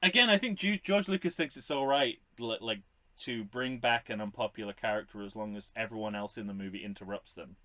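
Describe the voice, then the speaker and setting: A man's voice: lowish voice, brisk, sharp tone, no room sound. A man co-hosting a podcast in casual chat, joking wryly with lots of restarts. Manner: wry, joking, many restarts. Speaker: podcast co-host.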